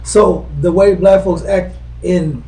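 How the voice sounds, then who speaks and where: A man's voice: high-pitched, fairly even intonation, slow, creaky, mellow. A man in a Bible class chiming in casually, loose and joking, full of slang. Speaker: class participant. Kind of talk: casual chat. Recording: roomy classroom from far off.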